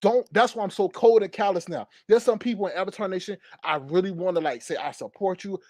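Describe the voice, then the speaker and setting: High-voiced man ranting on a livestream. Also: quick pace, dry recording, studio quality. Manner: angry, profane, repetitive. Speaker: livestream host. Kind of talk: heated livestream rant.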